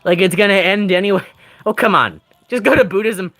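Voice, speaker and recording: A man's voice: sits high, brisk, bright, forceful tone, soft background music. A man streaming a game, chatting casually with his chat, rambling and joking with frequent laughter. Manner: rambling, jokey, laughs often. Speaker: gaming streamer.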